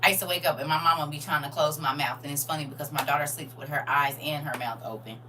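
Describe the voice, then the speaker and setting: A middle-aged woman chatting excitedly and casually to her viewers on a live stream. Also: low-pitched, fast, noisy background. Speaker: livestream host.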